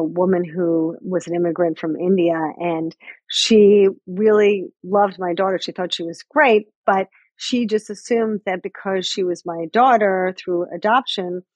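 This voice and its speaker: A woman's voice: lowish voice, no room sound. A woman hosting an interview podcast, responding to her guest in an affirming, conversational way. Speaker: podcast host. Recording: dull, dry remote audio.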